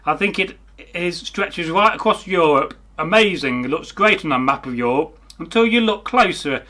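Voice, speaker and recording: Bloke co-hosting a comments chat, slightly high bright voice, dry jokey digs. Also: male voice, expressive, moderate pace. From England. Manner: dry, mocking humour. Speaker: co-host. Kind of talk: casual comment-reading chat.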